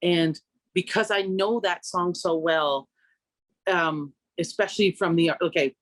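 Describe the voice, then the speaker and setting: A woman singer from Canada talking through her craft in a relaxed radio interview, reflective and conversational, lifting her pitch when she quotes herself. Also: a little slow, dry recording. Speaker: singer and vocal coach, interview guest.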